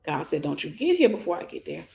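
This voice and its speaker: A woman minister giving an animated teaching sermon, acting out scenes and speaking straight to her listeners. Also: sits low, fast, gravelly. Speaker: minister and mentor.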